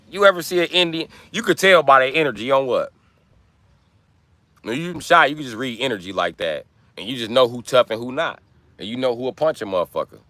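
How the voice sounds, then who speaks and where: A man's voice: mid-range voice, sharp tone, dry recording. A man hosting a livestream, ranting in brash, profane trash talk. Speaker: livestream host. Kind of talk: live-stream rant.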